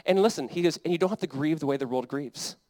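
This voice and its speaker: A man's voice: on the high side, fast talker, darkish tone, no echo. A young adult man, a pastor, preaching a sermon in an earnest, conversational way that builds to emphatic peaks.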